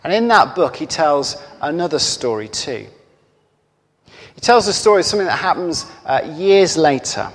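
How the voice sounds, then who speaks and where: A man preaching a sermon, telling a story slowly and earnestly, sometimes dropping to near-whispers. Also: on the high side, big pitch swings. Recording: long hall reverb.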